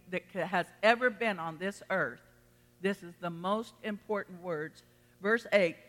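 A woman's voice: medium pitch, a bit bright, big-room sound. An older woman preaching a sermon in a folksy, emphatic way that rises to fervent exclamations.

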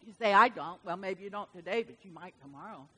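A woman preaching a sermon with animated, emphatic storytelling. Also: mid-range voice, quick pace, husky.

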